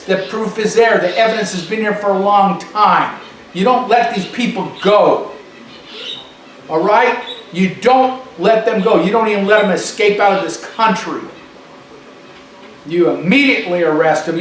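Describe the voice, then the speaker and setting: A man delivering an emphatic political monologue, repeating phrases for stress, recorded far off in an echoey room with faint noise. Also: sits high.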